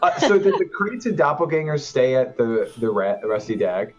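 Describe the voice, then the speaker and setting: A man's voice: mid-range voice, normal speed, lo-fi sound, soft background music. A man playing a tabletop game, joking and laughing with the group in casual chat. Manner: playful, laughs often, animated. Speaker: player.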